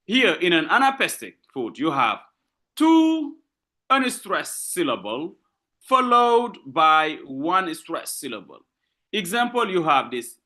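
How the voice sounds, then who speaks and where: Lively high-voiced French-accented man teaching. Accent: French-speaking West African. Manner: repetitive, drills examples, stresses words slowly. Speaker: English literature lecturer. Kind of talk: online university lecture.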